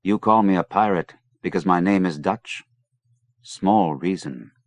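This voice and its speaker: A man reading an audiobook, voicing a lanky young sailor who speaks gently, dryly and a little dolefully. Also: low-pitched, unhurried, dry recording. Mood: guarded. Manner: soft, doleful, dry. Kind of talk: audiobook character voice.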